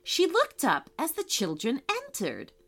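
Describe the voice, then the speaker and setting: A woman storyteller and podcast host narrating a bedtime story in a gentle, unhurried way. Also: high voice, wildly swooping pitch.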